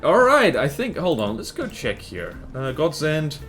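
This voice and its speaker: A male game streamer with a lively, bouncing voice that rises and falls a great deal. He rambles through his opinions while reacting to the fights on screen and chatting with his viewers. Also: on the high side, a little slow, faint music behind.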